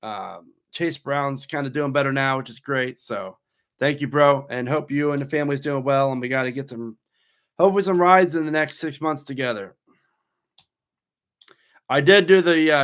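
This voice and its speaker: A man's voice: medium pitch, normal speed, a bit bright, clear, resonant tone. A man in his thirties, a theme park YouTuber, casually reading out viewer questions on a live stream and answering them in a chatty, rambling way. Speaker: coaster YouTuber host.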